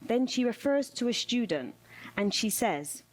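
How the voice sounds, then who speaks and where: A woman delivering a spoken word performance in a measured, rhythmic way, returning to repeated refrains. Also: mid-range voice, animated. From United Kingdom.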